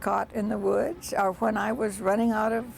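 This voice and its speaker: A woman voicing a dying fire in the woods in a children's story, plaintive and gently scolding. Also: medium pitch, fairly even intonation, normal speed, creaky, slight background noise, pitched above the performer's own voice, low-quality recording.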